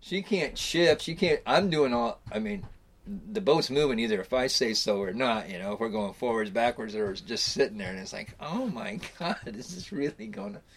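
A man's voice: fairly low pitch, normal speed. A middle-aged man casually telling rambling fishing stories, swearing freely and restarting his sentences. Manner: rambling, profane, with frequent restarts and chuckles. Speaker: storyteller recounting fishing trips. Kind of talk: casual spoken storytelling.

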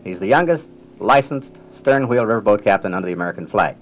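An older man, a riverboat captain, reminiscing in a measured storytelling manner with dry humor and frequent throat clearing. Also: fairly low pitch, expressive, a little hiss or hum, low-quality recording. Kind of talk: reminiscing public talk.

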